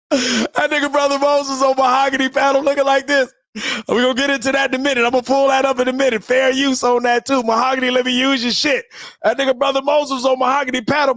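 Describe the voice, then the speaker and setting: A man's voice: extremely high pitch, a bit bright, no echo, studio quality. A man ranting in a profane, preachy commentary stream, repeating himself as he quotes scripture and calls out other online personalities.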